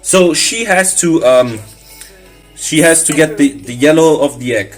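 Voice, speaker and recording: A man's voice: fairly high pitch, a little slow, soft background music. A man for whom English is not his first language, hosting a casual cooking stream in a brash, teasing, mock-boastful way. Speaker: cooking show host.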